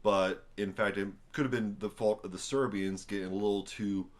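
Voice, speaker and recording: A young American man with a deep, low voice talks into a camera on a tripod at home. He sounds worn out after a long day and rambles in a loose, casual way, with many ums and restarts and dry asides. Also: fairly even intonation, moderate pace. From United States. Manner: rambling, full of fillers and restarts, wry asides. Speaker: vlogger reviewing a book. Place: at home indoors.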